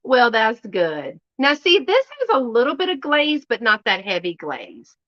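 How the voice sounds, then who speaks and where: A middle-aged woman from Louisiana with a Southern accent, chatting folksily as she hosts a live unboxing and often drops to a hushed voice. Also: a little high, huge pitch swings, a little slow, highs cut off. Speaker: channel host. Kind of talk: casual live unboxing chat. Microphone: live stream setup.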